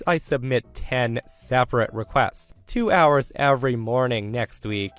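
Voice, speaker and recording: A man reading stories aloud in a steady, scripted narration. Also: medium pitch, measured pace, no echo, soft background music. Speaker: story narrator.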